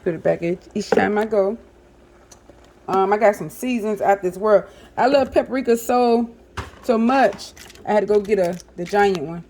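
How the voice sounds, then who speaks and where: A woman's voice: mid-range voice, moderate pace, a little mellow, a little hiss or hum. A woman, chatting casually to viewers while she cooks in her home kitchen, with lots of fillers. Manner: chatty, talks to viewers as y'all, many fillers. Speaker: home cooking vlogger. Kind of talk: casual kitchen vlog chat.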